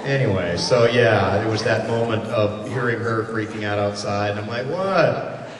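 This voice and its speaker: A man's voice: fairly low pitch, moderate pace. A man, a voice actor, joking with a convention audience and acting out quoted voices as he tells stories. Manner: jokey, animated, laughing, acts out quoted voices. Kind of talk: lively convention panel talk. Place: large convention hall with audience. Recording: echoey hall taped from far off, loud crowd and noise.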